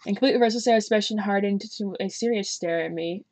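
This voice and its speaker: A woman's voice: medium pitch, fast, a little mellow. A woman streaming a visual novel game, reading the story aloud and breaking off into chatty, giggly, teasing asides.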